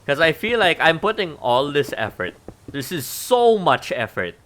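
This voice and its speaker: Here a man streams a game in an easygoing way, mulling over his build out loud and teasing himself as he goes. His voice sits on the high side with a sing-song lilt, a moderate pace, a slightly bright tone, and a little background hiss or hum.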